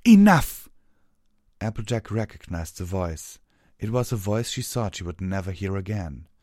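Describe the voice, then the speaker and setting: A man reading a fantasy story aloud as narrator, steady and measured. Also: low-pitched, dry recording, studio quality.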